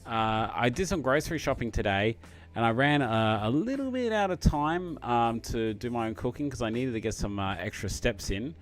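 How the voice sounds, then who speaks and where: A man with an Australian accent chatting casually on a live stream, excitable and full of fillers. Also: medium pitch, normal speed.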